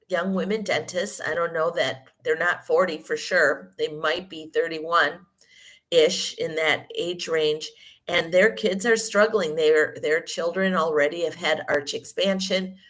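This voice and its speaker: A woman with a croaky morning voice after a cold, explaining health topics in a rambling podcast monologue full of ums and self-corrections. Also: fairly low pitch, fairly bright tone. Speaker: podcast host. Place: hotel room.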